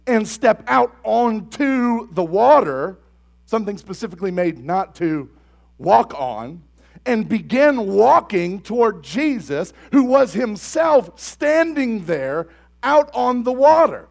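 Man, young adult, pastor, sermon, high voice, lively, quizzes the congregation, loud emphatic peaks. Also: slow, vocal fry. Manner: builds to loud emphatic bursts; conversational, asks the congregation questions.

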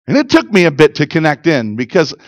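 A man's voice: fairly high pitch, huge pitch swings, brisk, no echo, rough recording. A middle-aged pastor preaching in an earnest, conversational way, often restarting his sentences and building to emphatic peaks. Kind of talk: sermon.

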